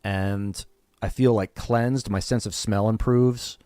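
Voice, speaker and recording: A man's voice: on the low side, steady tone, slow, warm tone, dry recording, clean studio sound. A man hosting a gaming stream, chatting casually and candidly, swearing freely and acting out what other people said. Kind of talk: casual rambling chat.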